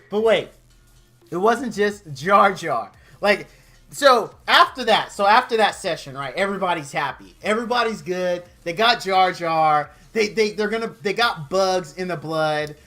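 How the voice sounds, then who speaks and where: Animated, exasperated ranting man. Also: high-pitched. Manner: acts out made-up quotes in goofy voices. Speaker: streamer. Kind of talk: comedic rant.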